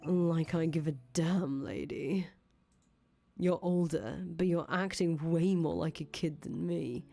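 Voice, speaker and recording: A rude, guarded village boy, as a woman acts him out, low and drawling as he mocks and brushes people off. He is scornful and foul-mouthed, with an even, unhurried delivery over faint background music in a visual novel reading. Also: gravelly, exaggerated voice. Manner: curt, drawling, mocking. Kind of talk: fan voice acting of a visual novel.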